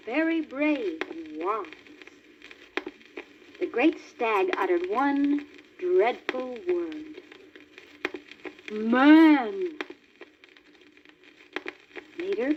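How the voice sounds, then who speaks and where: A woman reading a children's storybook aloud as the narrator of a read-along record, in a clear, animated manner. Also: fairly high pitch. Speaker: story reader. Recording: dull crackly old vinyl record.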